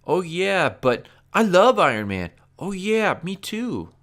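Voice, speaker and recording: A man voicing an airheaded young millennial kid, mimicking them in a mocking sing-song falsetto. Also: very animated, takes it slowly, a bit bright, heavily acted.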